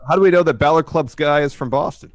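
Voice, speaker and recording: A man's voice: fairly high pitch, quick pace, dry recording, clean studio sound. A man co-hosting a casual news podcast who speaks wryly and skeptically, with frequent filler words. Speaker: podcast co-host. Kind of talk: casual wrestling news chat.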